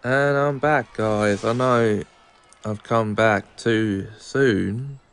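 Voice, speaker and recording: A man hosting a game playthrough, talking directly to his viewers in an unhurried way. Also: lowish voice, clear, resonant tone. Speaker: gaming channel host. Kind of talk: let's play commentary.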